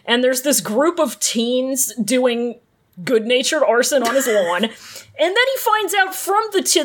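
A woman co-hosting a casual recap podcast, riffing wryly and laughing often. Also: high voice. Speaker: podcast co-host.

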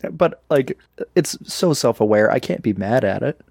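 A man talks in a loose, casual way, jumping around in pitch as he gets excited. He acts out quoted lines and laughs often. His voice sounds dry and close to the mic. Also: moderate pace, creaky, slightly rough, no echo. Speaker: podcast co-host. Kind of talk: casual chat.

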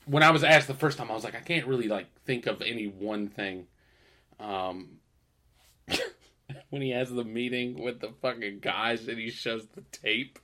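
A man's voice: mid-range voice, sharp tone. A man co-hosting a podcast in casual chat, swearing, laughing and acting out scenes from shows. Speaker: podcast co-host.

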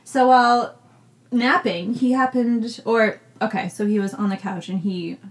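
A woman's voice: a little high, steady tone, a little slow. A young woman from New England, co-hosting a podcast, telling a spooky story in a casual, jokey way. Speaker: podcast co-host.

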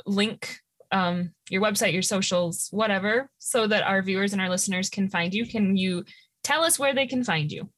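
A woman hosting a casual chat, telling stories in a lively way. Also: medium pitch, moderate pace, no room sound. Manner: lively storyteller. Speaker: host.

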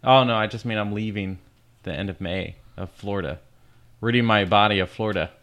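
A man's voice: lowish voice, a little fast, fairly bright tone. A man co-hosting a podcast in casual chat, easygoing and making self-mocking jokes. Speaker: podcast co-host.

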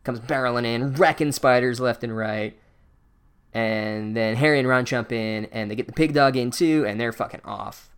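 A man's voice: medium pitch, moderate pace, smooth. A man runs a casual, comedic book recap in an ordinary mid-range voice. He rambles and swears freely. His running commentary is dry and sarcastic. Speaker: podcast host recapping a book.

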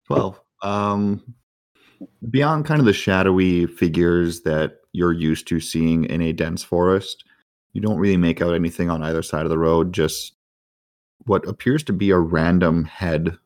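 A man narrating a tabletop game as game master, describing scenes with many fillers and pauses. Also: low-pitched, darkish tone.

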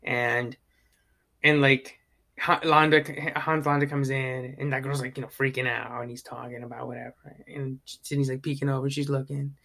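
Guy chatting casually about movies, bright voice, rambles with fillers and quick impressions. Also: medium pitch, flat delivery, gravelly. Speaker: podcast co-host. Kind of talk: casual chat.

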